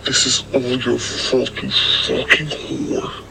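A man's voice: mid-range voice, completely flat delivery, slow pace, vocal fry, heavy background noise. A man voicing a violent, obsessive male stalker in an audio story, threatening and cursing. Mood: bitter. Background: music.

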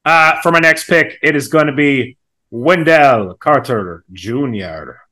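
A man's voice: mid-range voice, lively intonation, slow pace, pushed and bright. A man co-hosting a casual sports podcast in an easygoing way. He thinks aloud and hedges his picks with small fillers. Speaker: podcast co-host. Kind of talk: casual chat.

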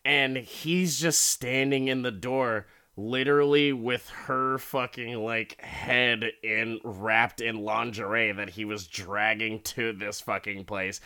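A host reviewing a show episode in a casual monologue, swearing a lot, sounding exasperated and laughing, with many halting restarts. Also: medium pitch, steady tone, bright, forceful tone, smooth.

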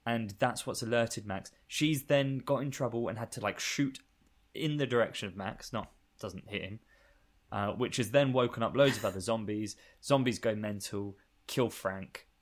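A man's voice: on the low side, moderate pace. A man co-hosting a podcast, recapping a film in casual chat, swearing freely, laughing often and rambling between points. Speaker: podcast co-host.

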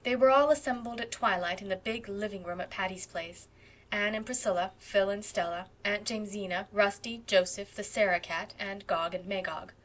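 A woman narrates a classic novel as an audiobook, reading a script aloud in a mid-range voice. She sounds measured and expressive throughout.

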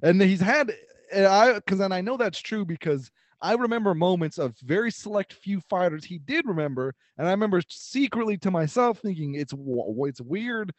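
A man chatting casually on a podcast, his voice sitting a touch high. He rambles, restarts and breaks into laughter often. The sound is close and dry. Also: lively intonation, brisk, no echo. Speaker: podcast co-host. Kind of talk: casual chat.

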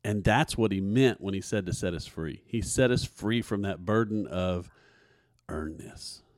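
A man's voice: low-pitched, unhurried, dry recording, clean studio sound. A man hosting a faith podcast, talking earnestly and preachily, often repeating his words as he builds a point. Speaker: podcast host. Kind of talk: casual faith podcast talk.

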